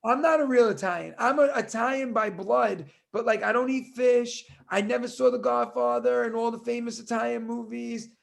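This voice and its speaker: A man's voice: very high voice, normal speed, gravelly, hardly any pauses. A man co-hosting a casual comedy podcast, talking hesitantly and trailing off with fillers. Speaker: co-host.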